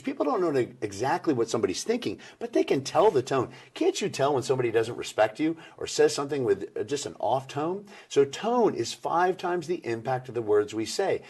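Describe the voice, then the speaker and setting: Man, middle-aged, husky, lively intonation, interview guest. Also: mid-range voice. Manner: animated, acts out quoted people. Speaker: workplace communication speaker. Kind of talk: interview answers.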